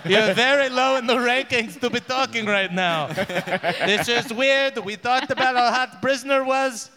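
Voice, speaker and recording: A man's voice: very high voice, moderate pace, sharp tone, pitched above the performer's own voice. A man playing a flustered, pompous dwarf king. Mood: flustered regal. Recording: echoey room with long reverb.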